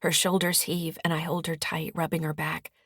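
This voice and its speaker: A woman author narrating her own mystery-thriller audiobook in the first person, steady and firm in the mother's dialogue. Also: low voice, normal speed, slightly rough, no echo, clean studio sound. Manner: steady storytelling, rising firmly in the mother's lines.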